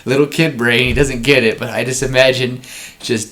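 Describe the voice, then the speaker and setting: A man hosting a podcast, pitching story ideas in a rambling casual chat with frequent laughs. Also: fairly even intonation, normal speed, a bit bright. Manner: rambling, laughs often, acts out scenes.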